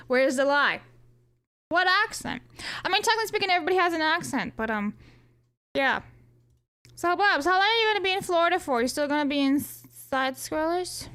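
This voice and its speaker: A woman with a high voice runs a casual live stream. She reads her viewers' chat aloud and answers in a chatty, joking way, swearing freely. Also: lively intonation, moderate pace, long pauses, a bit bright.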